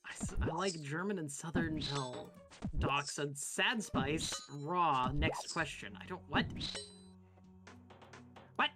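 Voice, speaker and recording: A woman's voice: low voice, expressive, slow pace, long pauses, music in the background. A woman chatting while playing a game with a friend, blunt and casual, swearing and thinking aloud as she plays. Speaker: co-player guest. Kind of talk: casual chat while gaming.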